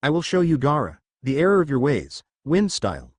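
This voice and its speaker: A man's voice: on the high side, huge pitch swings, brisk, no echo, studio quality. A man voicing a confident young male ninja hero who lectures his rival in a fan-made anime story. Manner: confident, preachy.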